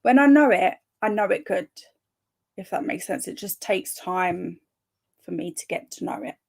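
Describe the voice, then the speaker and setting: A woman's voice: medium pitch, expressive, moderate pace, vocal fry. Bubbly chatty woman streamer. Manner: chatty, bubbly, laughs often, trips over words. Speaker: livestream host of reading sprints. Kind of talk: casual live chat reading out comments.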